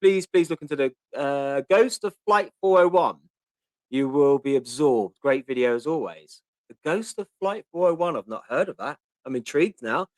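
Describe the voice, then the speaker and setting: A man's voice: a little high, animated, normal speed, no room sound. Chatty Portsmouth-accented man in his fifties. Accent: Portsmouth (Pompey). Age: 50s. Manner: chatty, answers viewer questions, reads comments aloud with many ums. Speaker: host. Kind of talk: casual live-stream Q&A.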